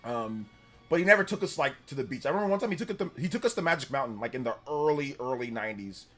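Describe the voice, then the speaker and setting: This expressive, medium-pitched man talks at a quick pace over soft background music. In his forties and from Central California, he reads donations on a live stream and loudly, laughingly retells stories in a rambling, filler-heavy way.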